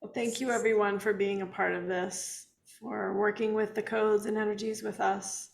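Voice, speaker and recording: A woman of middle pitch co-hosts a spiritual livestream from home, recorded in an echoey room. She speaks in an earnest, gentle way with soft laughs, and she sounds tired. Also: level tone, moderate pace, creaky. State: tired, yawning. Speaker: co-host. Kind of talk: casual spiritual chat on a livestream.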